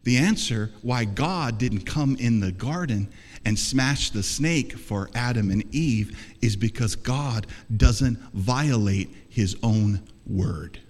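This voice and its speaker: A man's voice: medium pitch, expressive, takes it slowly, a little mellow. Male pastor preaching in a big hall. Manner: emphatic preaching with call-and-response to the congregation. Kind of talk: sermon. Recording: long reverb of a large hall.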